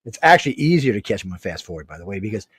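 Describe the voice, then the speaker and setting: A man's voice: on the low side, racing, breathy edge, dry recording, studio quality. A man as an interview guest, telling stories in a frank, chatty way and acting out the dialogue. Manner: animated storyteller who acts out quoted dialogue; frank, chatty, with mild swearing. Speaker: guest, UFO researcher and radio network producer. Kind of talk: casual storytelling interview.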